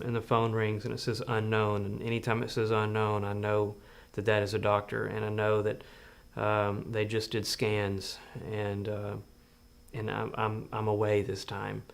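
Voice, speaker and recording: A father telling his story in a reflective interview, halting and earnest with many restarts. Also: on the low side, creaky.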